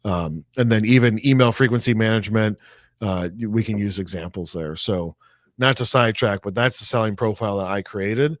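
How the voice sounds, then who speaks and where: A man's voice: fairly low pitch, a little fast, no echo, studio quality. A man co-hosting a casual tech discussion, thinking aloud and often tagging his points with "right?". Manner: chatty, thinks aloud, asks rhetorical "right?". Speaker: co-host.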